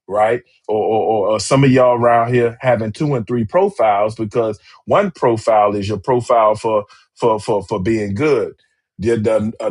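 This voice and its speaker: A man hosts a live-streamed talk on relationships in a husky voice. He speaks emphatically, circles back on his words and keeps calling out to viewers. His pitch sits in the middle range. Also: darkish tone. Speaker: relationship podcast host.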